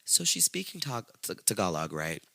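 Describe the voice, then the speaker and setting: A man hosting a podcast, telling a true-crime story in a casual, profane, slangy way and acting out the quotes in high squeaky voices. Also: moderate pace, vocal fry, dry recording. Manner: profane, slangy, animated retelling with acted-out quotes. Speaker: podcast host.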